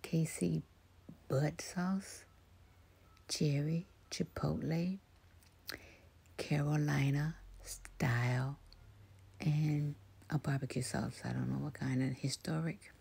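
A woman hosting a soft-spoken ASMR walkthrough of a big store, half-whispering product labels, repeating words and making chatty asides to viewers. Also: deep voice, steady tone, slow pace, gravelly, long pauses, breathy edge. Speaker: ASMR channel host. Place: large indoor outdoor-goods store.

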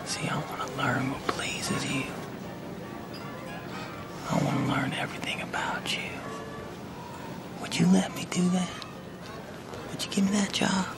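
An actor playing a smooth, confident man seducing a woman, speaking in a slow, low, half-whispered way, from a film clip. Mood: seductive. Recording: film clip with music underneath. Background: film score music.

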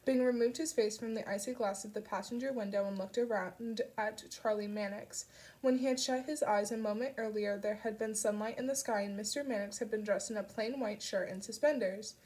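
A woman reading an audiobook aloud, narrating a dark story with soft shifts for the characters. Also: medium pitch, steady tone, brisk. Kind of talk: scripted narration.

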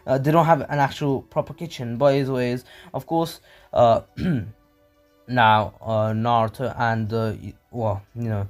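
A man's voice: mid-range voice, fairly even intonation, a little slow, faint music behind. A man casually narrating a fan story, rambling with many fillers and restarts. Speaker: anime channel narrator.

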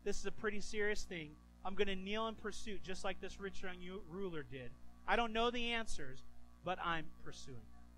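A man preaching a sermon as pastor, animated and acting out the people in his stories. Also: high-pitched, moderate pace, faint music behind, rough recording. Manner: animated, acts out quoted voices.

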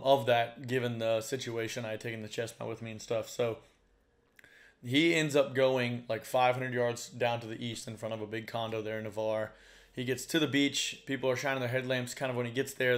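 A man tells a story in a relaxed, conversational voice at a middling pitch. He talks the way a vlogger would, filling his sentences with "like" and "you know," and he gets animated when he acts out the dialogue. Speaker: fishing guide and channel host. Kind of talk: casual storytelling to camera.

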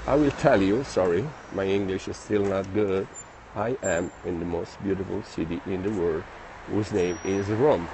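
A man with an Italian accent, chatting casually in a live stream while walking outdoors through city streets. He reads viewer comments aloud and speaks in a friendly, halting way. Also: low voice, background noise. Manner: friendly, chatty, halting non-native phrasing.

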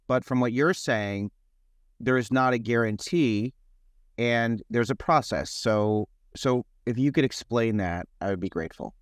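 A man's voice: medium pitch, measured pace, no echo. Man, mid-range voice, dry close mic, rambling podcast host who restarts often. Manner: rambling, repeats words and restarts. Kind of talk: conversational interview.

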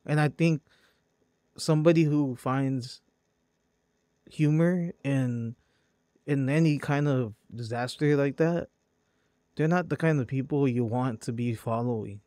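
A man's voice: mid-range voice, measured pace, pauses often, mellow, no echo, studio quality. A man hosting a podcast, ranting bluntly and profanely, calling his target "bro". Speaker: podcast host. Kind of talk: heated podcast rant.

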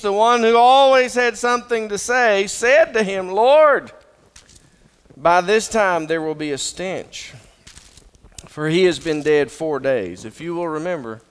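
A man preaching a sermon as pastor, swinging between loud proclamation and hushed intensity. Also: sits high, clean tone. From Southern US. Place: church sanctuary. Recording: long reverb of a church hall.

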